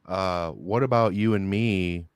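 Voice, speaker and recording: A man's voice: sits low, takes it slowly, clean tone. A man co-hosting a casual morning show, trading crude jokes and profane banter. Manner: profane, joking, animated. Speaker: co-host.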